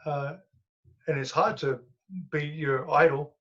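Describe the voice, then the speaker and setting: A man recounting old fights in a relaxed, chatty way, laughing and cursing freely. His voice sits fairly high. The recording sounds dull and lo-fi. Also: slow. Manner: animated anecdotes with laughs and swearing. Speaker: guest, former professional fighter. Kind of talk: casual storytelling.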